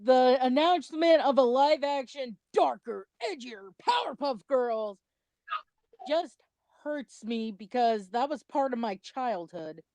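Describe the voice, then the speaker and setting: A woman's voice: high-pitched, unhurried, dark tone, no echo. A young adult woman co-hosting a commentary video, chatty, rambling and a little self-conscious in casual chat.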